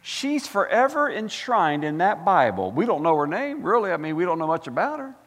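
Fired-up preacher in an echoey hall. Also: male voice, high voice, normal speed. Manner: fired-up, animated preaching with folksy asides and repetitions. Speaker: pastor. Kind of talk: sermon. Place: church sanctuary.

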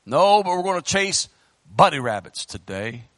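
Male pastor, high-pitched, bright tone, passionate sermon delivery into a church microphone. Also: very animated, normal speed, no room sound. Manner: fervent preaching, swinging between loud bursts and hushed pleading. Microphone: handheld microphone.

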